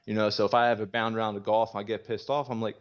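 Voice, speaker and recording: A man with a low-pitched voice talks openly in a relaxed, conversational way. He rambles, leans on fillers, and drops the odd curse word. The recording sounds dull and lo-fi. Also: quick pace. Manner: rambling, frequent "you know" fillers, casual swearing, laughs easily. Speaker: podcast guest sharing his recovery story. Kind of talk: casual candid conversation.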